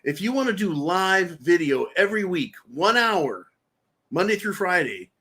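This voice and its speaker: A man's voice: sits high, very animated, unhurried, sharp tone, slightly rough. A man hosting a live political show, talking in a somewhat raised voice. He rants, mocks and throws crude insults while speaking straight to his viewers. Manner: ranting, mocking, crude insults. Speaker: livestream host. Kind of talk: political commentary livestream.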